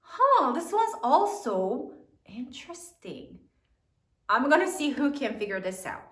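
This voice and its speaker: A woman teacher leading a spelling lesson, slowly sounding out words letter by letter for young pupils. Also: high-pitched, very animated. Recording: echoey room, mic at a distance.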